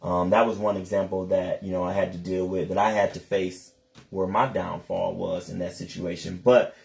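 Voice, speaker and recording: A man's voice: low voice, flat delivery, normal speed, creaky. Earnest man musing aloud as a coach. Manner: earnest and reflective, asking himself questions out loud. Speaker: couples and personal development coach. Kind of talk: casual conversation on a podcast.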